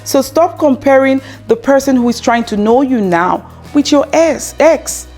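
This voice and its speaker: Woman in her 30s talking dating advice, chatty, lots of you know and like, soft music under it. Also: high-pitched, expressive, measured pace. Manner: chatty, acts out quoted dialogue, frequent fillers and laughs. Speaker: relationship advice vlogger. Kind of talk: casual advice monologue to camera.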